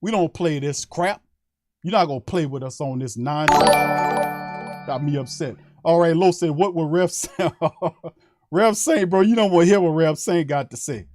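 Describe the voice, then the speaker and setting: A man's voice: on the high side, normal speed, a little mellow, soft background music. A man who hosts a sports podcast, delivering a heated, profane fan rant on a live stream and hammering his points over and over.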